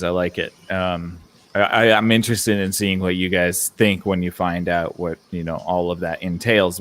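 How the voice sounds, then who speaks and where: A man hosting a casual movie and TV podcast, talking in a relaxed, rambling way with lots of fillers. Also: deep voice. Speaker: podcast host.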